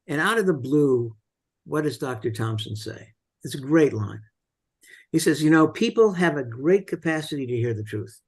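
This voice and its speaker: Man casually retelling film scenes. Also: fairly high pitch. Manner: retells scenes with many fillers and restarts. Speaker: film discussion host.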